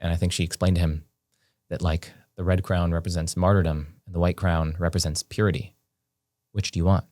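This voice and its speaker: A man guest on a podcast, telling a story in casual conversation, animated and full of "like" and "um". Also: deep voice, a little fast, dry recording, clean studio sound. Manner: animated, heavy on fillers like "like" and "um".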